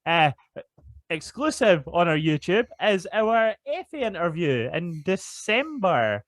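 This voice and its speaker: A man with a high voice wrapping up a casual wrestling podcast. He speaks slowly and trips over small details as he lists the socials, recorded dry and close. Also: big pitch swings, no echo. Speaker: podcast co-host.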